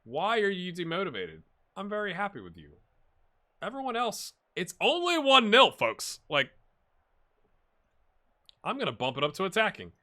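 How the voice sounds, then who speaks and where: Chatty guy narrating his football manager game, higher voice, talks to the lads watching. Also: normal speed, pauses often. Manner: animated, chatty, talks to viewers and players. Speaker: gaming YouTuber. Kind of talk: casual Let's Play commentary.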